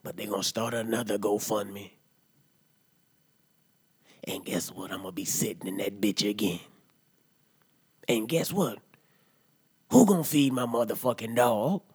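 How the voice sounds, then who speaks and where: A man doing a husky rowdy drunk uncle. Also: normal speed, no echo, clean studio sound. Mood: ranting. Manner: loud profane rant, swings to low mutters. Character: rowdy drunk middle-aged uncle ranting. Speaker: comedy podcast character. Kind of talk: comedic monologue.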